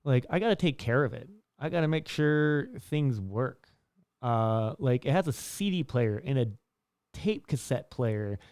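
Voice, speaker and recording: This young vlogger's voice is smooth and a little slow, captured in clean studio sound without any room tone. He offers life advice in a loose, rambling monologue to camera, full of restarts and fillers. When he acts out stories his voice lifts and his pitch jumps up on the dialogue.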